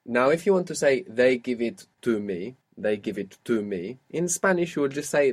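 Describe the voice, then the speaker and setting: A man's voice: mid-range voice, lively intonation, moderate pace, hardly any pauses, breathy edge. A man teaching an audio language lesson, patiently prompting his student step by step.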